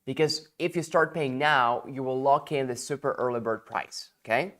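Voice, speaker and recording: A tired man hosting a casual livestream sales pitch, chatty and rambling with lots of fillers and jokes. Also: normal speed, fairly bright tone.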